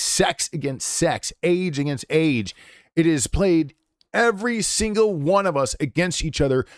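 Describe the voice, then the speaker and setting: A man's voice: a little high, no echo. Fiery, foul-mouthed man ranting, dry sound. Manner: profane, impassioned and blunt. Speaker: game streamer. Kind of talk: unscripted rant on a live stream.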